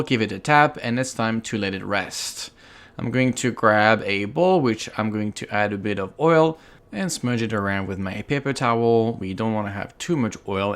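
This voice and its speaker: A man's voice: fairly low pitch, a bit bright. A man with a French accent, a chef hosting his own cooking tutorial, chatty and playful as he explains each step. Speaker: chef and cooking show host.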